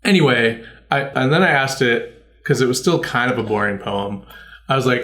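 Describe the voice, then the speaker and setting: A man's voice: medium pitch, animated, normal speed, fairly bright tone, reverberant. A man co-hosting a casual podcast, telling a long, rambling, self-correcting story. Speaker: podcast co-host. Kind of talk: casual chat.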